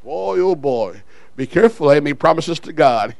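A male pastor preaching a sermon in an animated way, shouting at some points, dropping low at others and chuckling at his own asides. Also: moderate pace, gravelly, no echo, poor audio.

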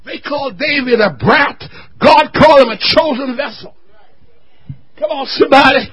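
A male pastor preaching a sermon. He cries out and shouts at his climaxes and whoops, then drops to quiet joking asides. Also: very high voice, moderate pace, rough recording.

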